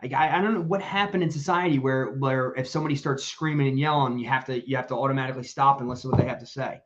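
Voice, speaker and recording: A man's voice: mid-range voice, steady tone, rapid-fire, dull audio. Blunt, rambling male podcast co-host. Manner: blunt, profane, rambling with fillers. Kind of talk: casual live-stream chat.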